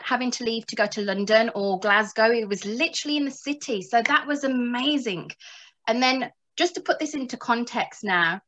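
Bright-voiced woman telling a motivational story. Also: medium pitch. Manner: animated, laughs often, acts out inner voices. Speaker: motivational speaker.

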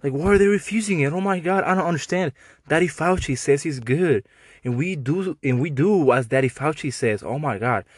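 A man with a Mexican accent voicing a mocking high sing-song impression of a naive true believer. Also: lively intonation, a little fast, slightly rough, no echo.

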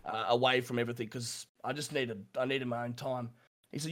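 A middle-aged Australian man telling his story in an interview, halting and repeating himself, with nervous laughs. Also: mid-range voice, fairly even intonation, a bit bright. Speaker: streamer guest.

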